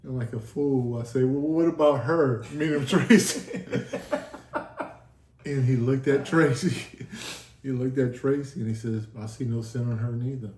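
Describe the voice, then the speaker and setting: Guy telling his story, earnest and emotional, warm mellow voice, roomy echo. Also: mid-range voice, fairly even intonation, unhurried. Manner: earnest, emotional, acts out quoted dialogue. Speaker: guest telling his testimony. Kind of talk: casual sit-down storytelling. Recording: echoey room.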